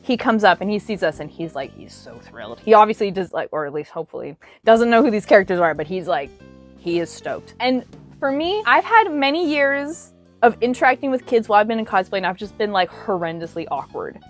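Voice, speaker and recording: A young woman telling a cosplay story to camera in a bubbly, animated way, with lots of "like" fillers. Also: medium pitch, fairly quick, soft background music. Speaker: cosplay vlogger.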